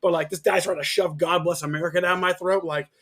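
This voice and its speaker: High-voiced man telling a rowdy story. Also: quick pace. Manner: animated, swearing, acts out quotes. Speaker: podcast co-host, bass player. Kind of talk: casual storytelling chat.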